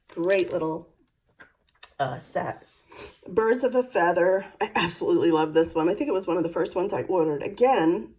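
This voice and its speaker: A woman's voice: fairly low pitch, a little mellow, rough recording. A middle-aged woman showing craft supplies in a casual, chatty way, thinking aloud as she handles them. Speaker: craft product demonstrator. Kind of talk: casual product show-and-tell.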